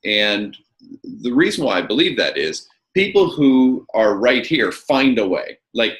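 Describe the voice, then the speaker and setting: A man's voice: mid-range voice, very animated, measured pace, a bit bright, roomy sound, rough recording. A man interviewing a guest as a communications coach, speaking emphatically and often repeating words as he starts a thought. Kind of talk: animated conversational interview.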